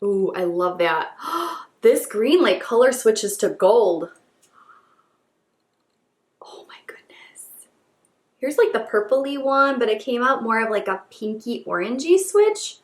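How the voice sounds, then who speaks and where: A woman beauty vlogger doing an excited unboxing chat, gushing and gasping as she repeats her delight. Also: on the high side, normal speed, few pauses, reverberant.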